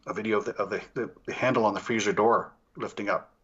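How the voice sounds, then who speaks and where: A man's voice: fairly low pitch, steady tone, quick pace, fairly bright tone, slightly rough. Male paranormal investigator, guest spot, rambling storyteller, comes through a dull lo-fi call. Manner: rambling, with many restarts and fillers. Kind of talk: casual interview storytelling.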